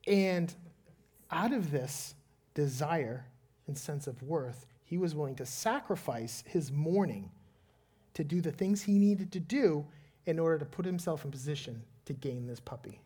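A man, a father of a young child, preaching as a pastor and telling a lively personal story before slowing into earnest prayer. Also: a little high, breathy edge.

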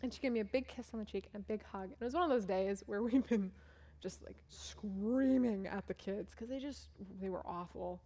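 A woman's voice: medium pitch, brisk, mellow. A young woman, a volunteer teacher, telling casual stories about her class, chatty and full of "like" and "um". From United States. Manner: chatty, full of "like" and "um", acts out what others said. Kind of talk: casual storytelling talk over photos.

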